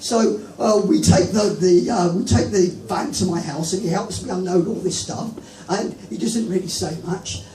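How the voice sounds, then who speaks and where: An English man doing rambling, animated open-mic stand-up storytelling. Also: high voice, moderate pace, few pauses. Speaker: stand-up comedian. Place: comedy club. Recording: echoey club from a distant mic with music.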